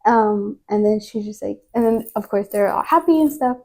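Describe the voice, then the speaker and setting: A woman's voice: mid-range voice, moderate pace, mellow. A young woman giving a personal faith testimony as a podcast guest, telling it earnestly in a rambling way full of filler words.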